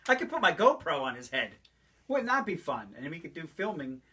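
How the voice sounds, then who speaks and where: A man's voice: on the high side, sing-song, fairly quick. A man, a father, casually reviewing a toy with his child at home, chatty and laughing as he shows each feature. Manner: chatty, laughs often, demonstrates as he goes. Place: room at home. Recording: loud background noise.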